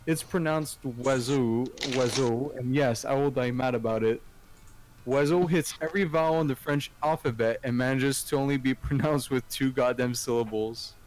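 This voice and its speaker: A man's voice: mid-range voice, moderate pace, a little mellow. A man chatting casually on an art stream, rambling and playful, often trailing off mid-thought. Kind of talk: casual chat.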